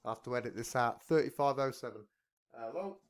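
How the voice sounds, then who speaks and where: A man's voice: medium pitch, a little fast. A man hosting a podcast, telling stories in casual chat and laughing at his own jokes. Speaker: podcast host. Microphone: headphones on.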